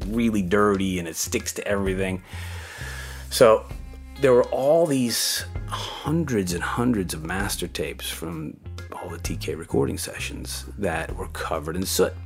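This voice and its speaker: Low-voiced older man telling stories. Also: a little slow, faint music behind. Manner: rambling, with many fillers and restarts. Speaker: interviewee recalling his music-business career. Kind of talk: casual storytelling.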